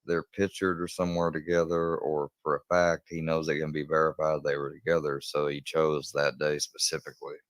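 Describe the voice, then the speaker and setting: A man's voice: a bass voice, monotone, brisk, few pauses, no room sound. A man on a casual livestream, rambling loosely with lots of fillers and cooing tenderly to his dog. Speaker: livestreamer reacting to news clips. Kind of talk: casual chat.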